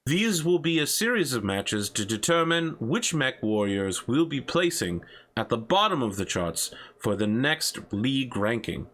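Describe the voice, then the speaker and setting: A man's voice: mid-range voice, very animated, unhurried, a bit bright, voice pushed up. A man playing a theatrical male arena talk-show host who asks probing questions. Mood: showy.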